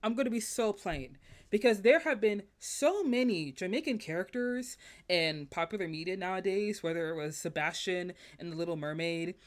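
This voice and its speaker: A woman's voice: on the low side, normal speed. A woman film critic, a guest on a podcast, giving passionate, emphatic opinions in casual chat.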